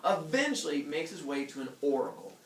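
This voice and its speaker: A man telling a myth as a comic story, playful and animated, with his own sound effects. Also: fairly high pitch, fairly quick, echoey room, recorded from a distance, a little hiss or hum, rough recording.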